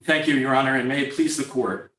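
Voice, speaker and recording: A man's voice: mid-range voice, fairly even intonation, fast talker, fairly bright tone. Lawyer guy making his case point by point, sounds far off in an echoey room. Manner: formal, structured, numbered points. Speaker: attorney for the agency. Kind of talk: courtroom oral argument. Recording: echoey courtroom, voice far from the mic.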